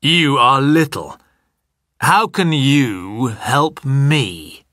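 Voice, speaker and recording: A man voicing a big lion in a children's storybook reading, a little louder than his narration. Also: mid-range voice, expressive, extremely slow, no echo, clean studio sound, heavily acted. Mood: amused. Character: big proud lion, gruff but softening.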